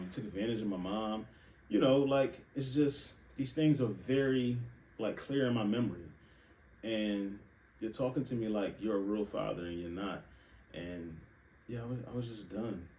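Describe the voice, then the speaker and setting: A young man hosting a podcast, telling candid personal stories in a frank, profane, animated way. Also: lowish voice, vocal fry. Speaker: podcast host. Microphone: live stream setup. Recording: echoey room, distant mic, faint hiss.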